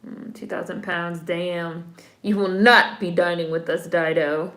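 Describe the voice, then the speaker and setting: A woman's voice: fairly low pitch, steady tone, a little slow, a bit bright, roomy sound. A woman giving casual commentary while watching a film, chatty and wry, with slang asides. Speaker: film reaction vlogger.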